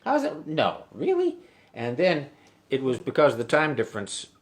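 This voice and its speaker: Rambling middle-aged man, raised pitch. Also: wildly swooping pitch. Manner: rambling, halting, with many restarts. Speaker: musician hosting a live stream. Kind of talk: casual storytelling between songs. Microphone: webcam stream mic.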